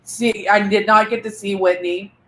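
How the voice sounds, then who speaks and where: An older woman with grandchildren, co-hosting a casual live chat, talkative and quick to laugh at herself. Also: medium pitch, steady tone, a bit bright. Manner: chatty, self-deprecating, laughs often. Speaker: co-host.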